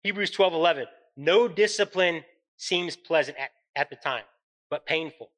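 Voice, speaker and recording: A man's voice: on the high side, moderate pace, fairly bright tone, poor audio. A man in his thirties hosting a faith-based motivational podcast, speaking in an earnest, encouraging way and often checking in with "right?". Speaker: podcast host.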